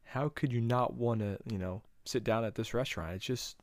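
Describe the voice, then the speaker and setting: A man's voice: mid-range voice, moderate pace, dry recording. A man co-hosting a podcast, chatting casually about food and often searching for words with fillers and restarts. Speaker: podcast co-host.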